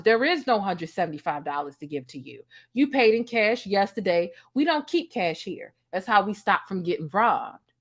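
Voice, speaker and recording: A woman's voice: mid-range voice, very animated, moderate pace. A woman in her thirties telling a story in a casual, sassy and profane way, acting out the dialogue. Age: 30s. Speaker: host.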